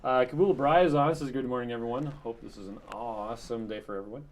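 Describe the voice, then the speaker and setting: A man co-hosting a live stream, chatting casually and reading viewer comments aloud in a relaxed, quiet way. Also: mid-range voice, quick pace. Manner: relaxed, reads chat messages in a quiet flat tone.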